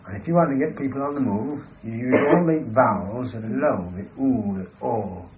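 A man's voice: medium pitch, lively intonation, a little fast, highs cut off, very noisy. A man holding forth in an emphatic, lecturing way, often asking "you see". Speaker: speaker discussing language. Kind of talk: discursive monologue in conversation.

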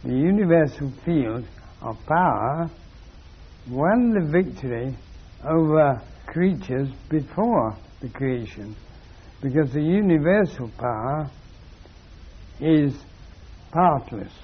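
Slow husky man lecturing. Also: a little high, lively intonation, lo-fi sound. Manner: measured, deliberate, with long pauses. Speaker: spiritual lecturer.

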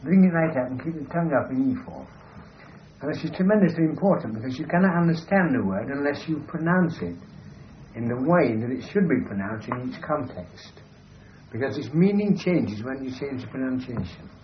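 A man's voice: mid-range voice, lively intonation, a little fast, muffled recording, slight background noise. A man holding forth in an emphatic, lecturing way, often asking "you see". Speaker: speaker discussing language. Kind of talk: discursive monologue in conversation.

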